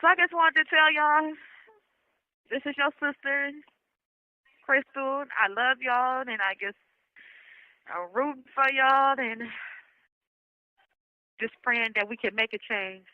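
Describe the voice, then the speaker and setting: A woman speaks in an impassioned, rallying way, her voice close to tears as she repeats her calls to stand together. She takes her time, slow and deliberate. The recording is dry and dull, like a lo-fi phone capture. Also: on the high side, fairly even intonation, dry recording. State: emotional, near tears. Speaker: survivor giving a testimonial. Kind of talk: emotional spoken message.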